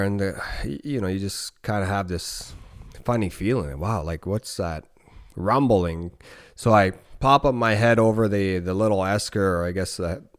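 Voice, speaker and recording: A man in his thirties from northern Canada tells a long story as a podcast guest, his voice sitting very low. He talks loosely and profanely and often restarts his sentences. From Nunavut, northern Canada. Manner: relaxed, profane, rambling with restarts. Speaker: podcast guest, former hockey player. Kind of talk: casual storytelling.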